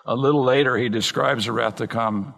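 A man preaching an earnest expository sermon from the pulpit, slowing down and speeding up to stress points. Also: mid-range voice, steady tone, creaky, fairly bright tone. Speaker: pastor. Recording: long reverb in a large hall.

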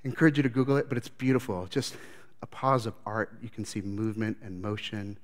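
A man's voice: on the low side, fairly even intonation, brisk. A man preaching a sermon as pastor, telling the story with animation and acting out scenes.

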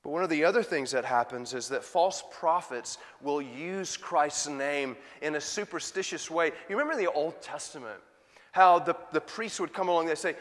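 High-voiced male preacher in a reverberant hall. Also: moderate pace, a bit bright. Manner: emphatic, rising to pleading intensity in quoted voices. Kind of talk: sermon.

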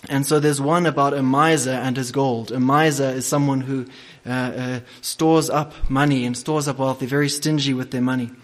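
A man preaching a sermon and leading prayer, speaking deliberately with frequent hesitations. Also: medium pitch, fairly even intonation.

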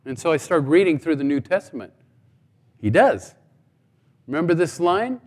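A long hall reverb surrounds this middle-aged guest speaker as he delivers a sermon testimony, storytelling and acting out dialogue humorously. His slightly high, somewhat mellow voice has a breathy edge and big pitch swings, moving at normal speed with frequent pauses.

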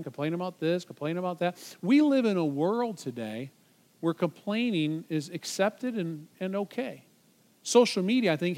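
A man preaching a sermon as pastor, emphatic, his voice rising sharply when he quotes scripture. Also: on the high side. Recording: long hall reverb.

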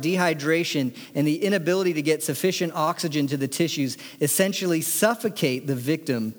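A man's voice: on the high side, long reverb tail. A man preaching a sermon, reading scripture aloud with emphatic delivery. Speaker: pastor.

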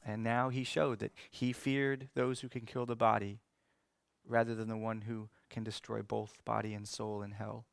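A man preaching a sermon in an earnest way that swings from emphatic to hushed. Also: mid-range voice, flat delivery, unhurried, gravelly, no echo, studio quality.

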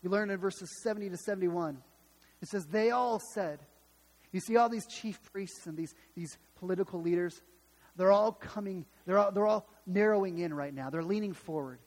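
A man's voice: high voice, normal speed, a little mellow, long reverb tail. A man preaching a sermon, emphatic and dramatic, retelling scripture with repeated restarts. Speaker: pastor.

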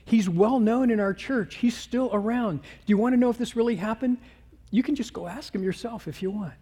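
Animated preacher with a breathy voice. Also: male voice, high-pitched, fairly quick, big-room sound. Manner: animated storytelling, acting out scenes. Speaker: pastor. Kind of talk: sermon.

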